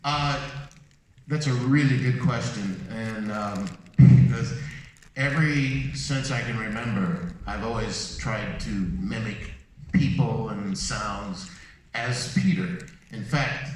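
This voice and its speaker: An older voice actor on a convention panel, telling stories in an animated, rambling way and slipping into voices. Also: male voice, on the low side, slow. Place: large convention hall. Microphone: handheld mic, filmed from the audience. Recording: echoey hall, distant camera, faint noise.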